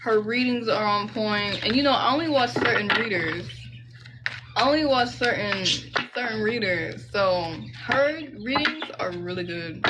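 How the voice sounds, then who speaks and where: A woman's voice: medium pitch, expressive, a little slow, heavy background noise. A young woman doing a casual tarot reading, chatty and slangy, rambling into side stories. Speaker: tarot reader.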